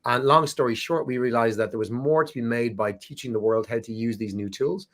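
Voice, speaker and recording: A man's voice: medium pitch, brisk, a bit bright. An Irish man in his forties talks as a guest on a podcast. His manner is chatty and easygoing, and he laughs as he goes, often stumbling and restarting his sentences. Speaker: podcast guest, recruiting company founder. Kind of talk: casual chat.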